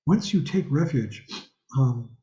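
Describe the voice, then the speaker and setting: A man's voice: mid-range voice, expressive, takes it slowly, warm tone. An older man teaching an online Buddhist class from his home over a video call, talking in a rambling, conversational way and asking the class questions. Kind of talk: online dharma class talk. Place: home room with a hanging thangka. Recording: roomy, slightly dull video-call audio.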